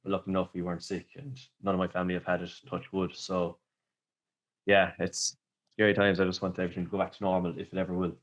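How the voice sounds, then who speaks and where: Fast-talking deep-voiced man, flat delivery. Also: lo-fi sound. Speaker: podcast guest. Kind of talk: casual chat.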